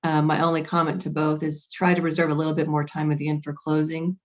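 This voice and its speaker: A woman, a commercial litigator on a judging panel, giving measured, warm feedback. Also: low-pitched, monotone, lo-fi sound.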